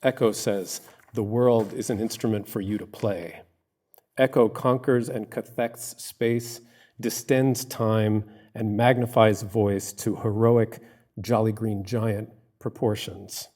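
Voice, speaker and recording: Male academic lecturer, measured and literary. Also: on the low side, fairly even intonation, darkish tone. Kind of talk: live academic lecture, reading a written paper aloud. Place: in front of a live audience.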